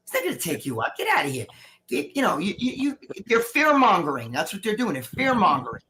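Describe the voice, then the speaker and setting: A man's voice: sits high, huge pitch swings, a little fast, pushed and bright, a little hiss or hum. Profane, rambling middle-aged man ranting. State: recovering from surgery. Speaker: guest. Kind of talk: casual live-stream chat.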